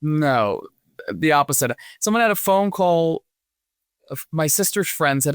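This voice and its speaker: A young man chatting as a podcast guest, teasing and upbeat, telling stories with quick jokes. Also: fairly high pitch, animated, smooth, dry recording, clean studio sound. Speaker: guest attorney. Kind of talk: casual chat.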